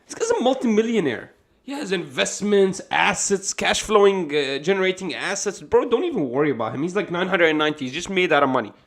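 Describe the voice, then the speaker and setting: A man streaming a casual video reaction, excitable and profane, talking to his chat. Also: high-pitched, a little fast. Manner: excitable, profane, laughs hard.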